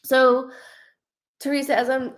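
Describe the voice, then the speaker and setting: A woman's voice: high voice, flat delivery, measured pace, slight background noise. A woman medium giving a live psychic reading, rambling and swearing, often restarting her sentences. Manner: rambling, profane, frequent restarts.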